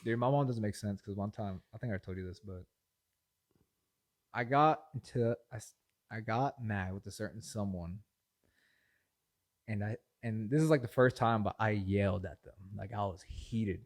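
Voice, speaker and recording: A man's voice: normal speed, pauses often. Laughing young man telling stories. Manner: laughing storyteller, voice jumps high when excited. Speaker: podcast co-host. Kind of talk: casual chat.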